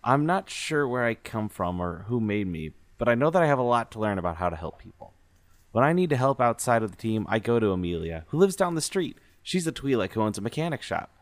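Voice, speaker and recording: A man voicing a gentle, newborn female battle droid in a tabletop game, speaking with earnest, simple phrasing. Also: medium pitch, very animated, a little fast, no echo, natural voice. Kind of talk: in-character backstory reading.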